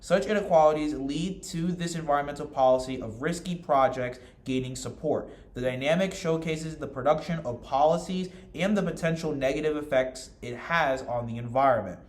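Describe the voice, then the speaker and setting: A young man giving a class presentation, reading from notes and then explaining in his own words, earnest and steady with frequent restarts and fillers. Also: a little high, normal speed, few pauses, echoey room. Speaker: student presenter.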